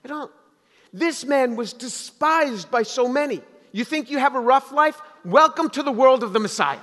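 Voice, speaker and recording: A pastor from a Jewish background in the US preaches a sermon, starting conversationally and building to emphatic exhortation. His voice is very high, animated, and fairly bright in tone at a normal speed, with the long reverb of a hall around him.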